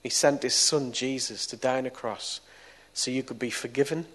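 A middle-aged man, preaching and telling a testimony story, moving between soft and loud moments. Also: medium pitch, normal speed. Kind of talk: testimony sermon.

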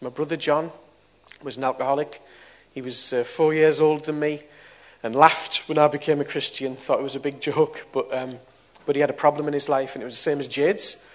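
A middle-aged man, preaching and telling a testimony story, moving between soft and loud moments. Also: a little high, fairly even intonation, fairly quick. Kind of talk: testimony sermon.

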